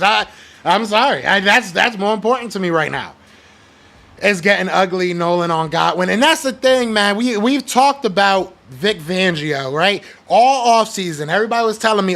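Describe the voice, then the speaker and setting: A man's voice: high voice, animated, moderate pace, vocal fry, a bit bright. A young man hosting a podcast, ranting about his team in blunt slang with fired-up emphasis and reading out live chat comments. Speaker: podcast host. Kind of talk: heated sports rant, reading live chat.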